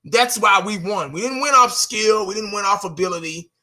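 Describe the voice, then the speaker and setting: A man's voice: high voice, lively intonation, moderate pace, bright, forceful tone. A man giving a casual, blunt fan rant, exasperated, repeating himself and cursing now and then. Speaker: fan vlogger.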